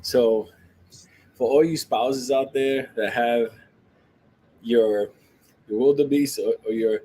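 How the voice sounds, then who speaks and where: A man's voice: medium pitch, slow, mellow, husky, poor audio. A man, ranting about the stock market to his viewers in a brash, profane, joking way, laughing often.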